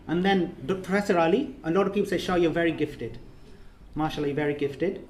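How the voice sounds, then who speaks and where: A man's voice: fairly high pitch, fast talker, darkish tone, a little hiss or hum. A man giving an earnest, emotional closing speech at a course ceremony, often repeating his words for emphasis. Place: reception room in a residence. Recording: echoey room, faint ambience.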